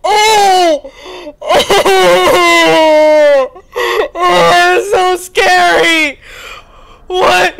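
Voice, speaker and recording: A woman playing a horror game, jumpy and shrieking in panic, then muttering quietly between scares. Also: very high-pitched, fairly even intonation, drawn-out words, gravelly, long pauses, background noise. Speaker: gamer. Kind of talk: horror game let's-play commentary. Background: game music.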